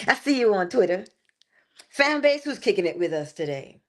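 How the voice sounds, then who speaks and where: A middle-aged woman hosts a morning spiritual livestream from home, talking in an animated, preacher-like way. Her pitch swoops up and down with lots of expression, and she breaks into asides as she goes. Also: normal speed. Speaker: host of a morning inspiration livestream. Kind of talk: spiritual talk and livestream greetings.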